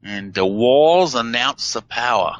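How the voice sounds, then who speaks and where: An excitable man, eagerly explaining things as a guest on a radio interview. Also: mid-range voice, slow pace, no room sound. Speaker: guest analyst. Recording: dull lo-fi audio.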